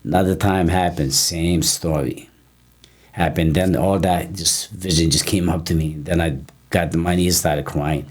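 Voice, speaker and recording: Male guest, very deep voice, casual interview storytelling, halting delivery with repeated words. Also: steady tone. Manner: halting, repeats words, breaks off mid-sentence. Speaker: interview guest, personal trainer.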